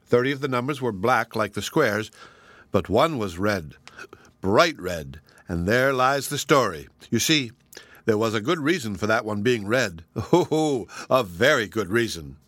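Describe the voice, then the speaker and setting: A man reading a children's storybook aloud, gentle and expressive, with playful asides. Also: on the low side, measured pace, dry recording.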